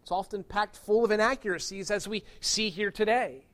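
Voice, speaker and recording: A man's voice: high-pitched, normal speed, fairly bright tone. A man preaching a sermon as pastor, earnest and emphatic, pressing his points with rising stresses.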